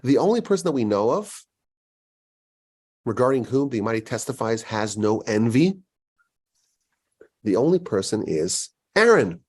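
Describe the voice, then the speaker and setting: A man giving a Torah lecture as a rabbi, animated and acting out quoted voices. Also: moderate pace, long pauses, husky. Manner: animated, acts out quoted voices with big pitch jumps.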